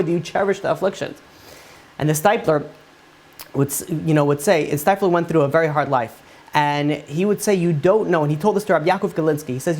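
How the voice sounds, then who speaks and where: A man, a rabbi, teaching a Torah class, retelling Talmud stories in a casual, conversational way with frequent fillers. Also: on the high side. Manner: casual and conversational, many fillers like "you know".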